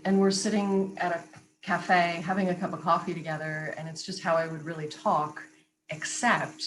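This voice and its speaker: A woman who works as a vocal coach, answering interview questions in a clear, articulate, explanatory way and laughing easily. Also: lowish voice, a little hiss or hum, rough recording.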